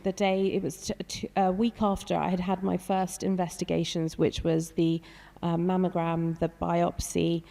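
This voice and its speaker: A woman in her thirties, a doctor appearing as both physician and patient guest, speaks on a panel in a low, creaky, warm voice. She sounds hesitant, uses many fillers, and shows some emotion. The recording carries a long hall reverb.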